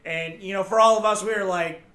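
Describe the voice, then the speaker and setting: A man co-hosting a casual podcast chat, telling animated stories and acting out the people in them. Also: high voice, brisk. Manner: animated storyteller, acts out shouting customers. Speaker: podcast host. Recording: echoey room, faint noise.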